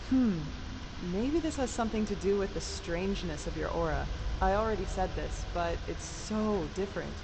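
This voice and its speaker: An actress voicing a calm, soft-spoken female mage healer in a fantasy game. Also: medium pitch, noisy background, close to an everyday voice. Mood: thoughtful. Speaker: game character.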